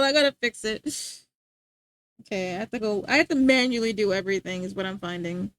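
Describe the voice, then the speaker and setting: A woman's voice: mid-range voice, a little fast, fairly bright tone, dry recording. A young woman streaming live, chatting casually with her viewers, giggling and rambling as she reads the chat.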